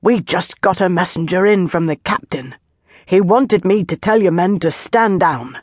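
A woman voicing a dapper, aging male legion valet in an audiobook, speaking quietly and knowingly. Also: on the low side, lively intonation, normal speed, no echo, clean studio sound.

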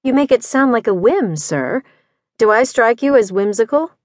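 A woman voicing a determined young widow who applies for detective work, speaking in a crisp, resolute, formal way in an audiobook. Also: a little high, animated, normal speed, no echo, clean studio sound, close to an everyday voice.

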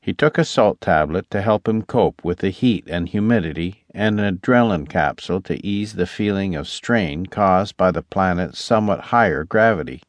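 A man narrating an audiobook, reading gruff, sardonic dialogue for its characters. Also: low voice, normal speed, few pauses, dry recording. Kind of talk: scripted narration. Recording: dry close studio recording.

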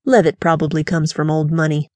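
A woman voicing a gruff, skeptical male detective partner who talks in a curt, doubtful way. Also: low-pitched, steady tone, brisk, a little mellow, no room sound, close to an everyday voice.

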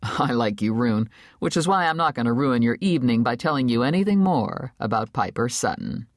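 A woman's voice: extremely low pitch, expressive, a little fast, dry recording, studio quality. A woman voicing a sardonic, street-talking male news cameraman in an audiobook. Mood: dismissive.

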